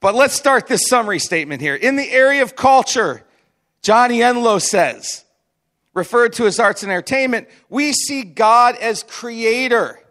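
A man's voice: very high-pitched, expressive, moderate pace, fairly bright tone. A man preaching a sermon as pastor, in a chatty, conversational way with frequent asides and restarts.

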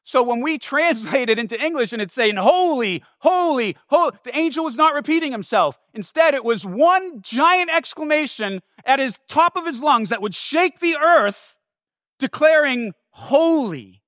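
Male preacher, high voice, dry close sound; animated and emphatic, casual asides. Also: moderate pace, no room sound. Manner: animated, emphatic, repeats words for stress. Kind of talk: sermon.

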